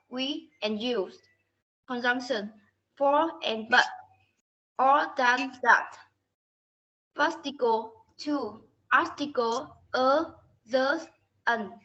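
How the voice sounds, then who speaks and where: A woman student reading a class presentation on pronunciation, slowly and carefully going through word lists. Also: high-pitched, bright, forceful tone. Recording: dull lo-fi recording.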